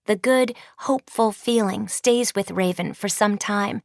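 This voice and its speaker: A woman reading a storybook audiobook in a measured, suspenseful way. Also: mid-range voice, creaky, dry recording, clean studio sound. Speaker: audiobook narrator. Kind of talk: scripted storybook narration.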